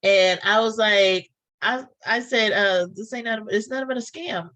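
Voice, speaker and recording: A woman's voice: mid-range voice, normal speed, fairly bright tone, low-quality recording. A woman chatting casually, telling a story and acting out both sides of phone calls. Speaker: podcast co-host telling a story.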